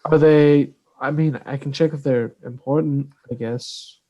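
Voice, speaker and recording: A player at a tabletop game, chatting casually and muttering quieter asides. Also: medium pitch, fairly even intonation, measured pace, dull audio.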